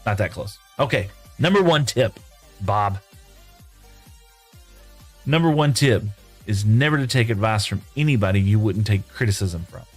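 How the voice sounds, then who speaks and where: A man's voice: lowish voice, expressive, moderate pace, long pauses, breathy edge, faint music behind. A man streaming a video game live from home, chatting casually and rambling as he reads viewer messages aloud and answers them. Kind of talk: casual live-stream chat while playing. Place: home room.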